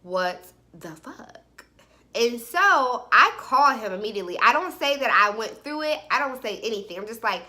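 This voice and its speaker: Bright-voiced chatty young woman. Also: fairly high pitch, fairly quick, hardly any pauses. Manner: chatty, animated, peppered with "like". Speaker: vlogger. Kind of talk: casual storytime chat.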